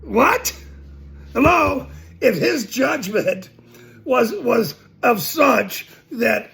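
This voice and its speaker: A man's voice: very high voice, animated, extremely slow, creaky, a bit bright. A man ranting to camera, mocking and laughing between his lines and repeating his points emphatically. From Ireland. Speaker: citizen journalist.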